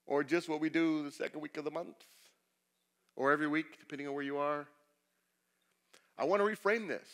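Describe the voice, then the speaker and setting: A man preaching a sermon as pastor, asking the congregation questions and swinging between loud emphasis and quiet, confessional passages. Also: high-pitched. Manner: asks the congregation rhetorical questions.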